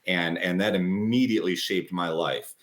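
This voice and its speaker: A man in his thirties with a fairly low voice, talking as a podcast guest. He is chatty and animated, telling his story in a loose, conversational way and acting out what other people said. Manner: quick, lively retelling with acted-out quotes. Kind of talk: casual storytelling interview.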